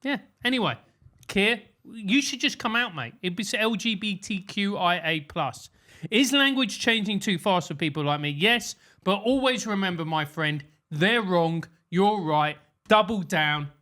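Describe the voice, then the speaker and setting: A man's voice: high-pitched, lively intonation, measured pace, sharp tone. A man co-hosting a podcast in casual comedic chat, rambling and laughing often. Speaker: podcast co-host.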